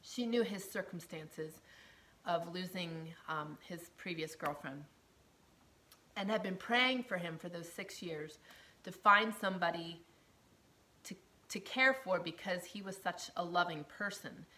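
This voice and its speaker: A woman earnestly telling a personal story, emotional and often dropping to a hushed near-whisper, with laughs between phrases. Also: fairly low pitch, unhurried. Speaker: storyteller sharing her testimony.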